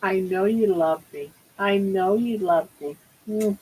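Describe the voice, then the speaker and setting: A woman's voice: mid-range voice, a little slow, mellow, slightly rough, low-quality recording. An older woman hosting a casual livestream from home, cooing baby talk to her pet. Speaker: livestream host.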